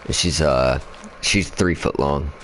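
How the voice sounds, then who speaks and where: Gaming host, male, rumbling deep voice, loose profane storyteller who rambles with fillers. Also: takes it slowly, a bit bright, a little hiss or hum. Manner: swears constantly, rambling with fillers. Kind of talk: casual storytelling while playing a game.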